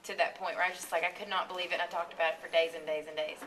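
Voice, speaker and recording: A woman singer as a radio interview guest, talking in a chatty, animated way and laughing often. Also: lowish voice, rapid-fire, far from the mic, noisy background. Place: radio studio.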